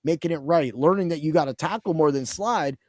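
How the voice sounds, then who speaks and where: Excitable man rambling about games. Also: a little high, fairly quick, no room sound, clean studio sound. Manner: excitable, rambling, with laughs and restarts. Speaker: podcast guest. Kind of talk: casual chat.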